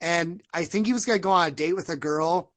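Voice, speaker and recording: A woman with a lower-pitched voice tells a candid family story with a dry, wry edge. She speaks at an easy conversational pace. The setting is casual podcast chat. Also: brisk.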